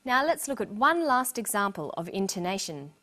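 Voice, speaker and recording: A woman narrating a scripted English lesson with slow, clear explanations. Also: medium pitch, big pitch swings, sharp tone. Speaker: English teacher.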